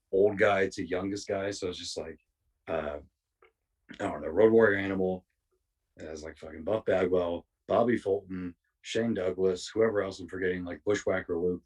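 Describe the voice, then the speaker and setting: A man with a low, husky voice tells a rambling, profane story in casual podcast chat. He sits a little back from the mic and drops into quick impressions of the people he describes. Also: a little mellow, distant mic. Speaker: podcast guest.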